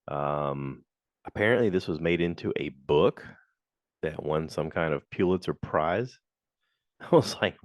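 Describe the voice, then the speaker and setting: With lively intonation and a slightly slow pace, a man hosts a casual podcast on his own, recorded with clean studio sound and no echo. He rambles through reviews full of fillers, acting out quotes in high voices.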